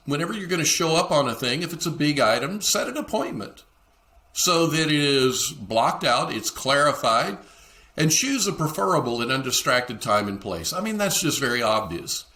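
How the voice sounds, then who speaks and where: Podcast host, middle-aged man, clear bright tone, talks listeners through ideas and plays out the lines he quotes. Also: on the high side, lively intonation, normal speed. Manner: acts out quoted dialogue in shifting voices. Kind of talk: solo podcast teaching talk.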